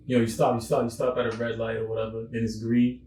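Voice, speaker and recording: A man's voice: medium pitch, monotone, quick pace, warm tone. A man co-hosting a casual podcast chat, laid-back, mostly reacting and asking short questions. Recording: echoey room with faint background noise.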